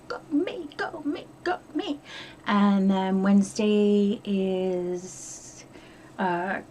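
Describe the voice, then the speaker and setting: A woman's voice: medium pitch, a little mellow. Middle-aged American woman vlogger, chatty and profane, mid-range voice, faint hiss behind. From upstate New York. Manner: chatty, swears freely, rambling. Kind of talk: casual diary vlog.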